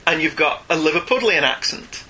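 A man's voice: a little high, animated, a little fast, pushed and bright, rough recording. A man with a Northern English accent, co-hosting a podcast in casual, wry chat. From Northern England. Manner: chatty, wry, self-mocking. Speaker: podcast co-host.

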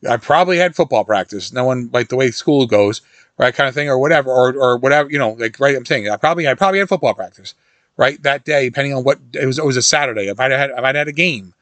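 The speaker is a middle-aged man with a fairly high, bright voice, slightly raised as he chats loosely about a horror film. He meanders, restarts his sentences, circles back, and slips into side stories, all in a dry, close recording with no room echo.

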